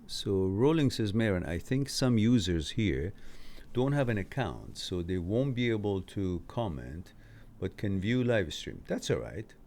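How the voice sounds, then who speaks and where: Hosting a live stream, a man with a lowish, very animated, slightly mellow voice reads out viewers' chat comments and answers their questions a little slowly. He's loose and chatty and laughs easily now and then.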